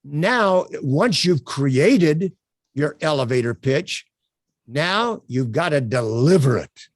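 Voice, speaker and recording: Instructor, man, lively and emphatic, lots of "uh" fillers, dry webcam sound. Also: on the high side, slow, no echo. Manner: animated, emphatic, with frequent uh fillers. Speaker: workshop instructor. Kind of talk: live online workshop teaching.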